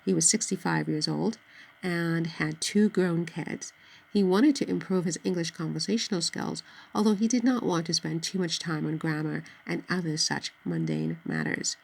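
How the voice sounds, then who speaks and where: This woman narrates a novel in a low voice marked by gravelly fry. Her pacing is steady and measured, keeping the even tone of a scripted audiobook, though the recording quality is rough.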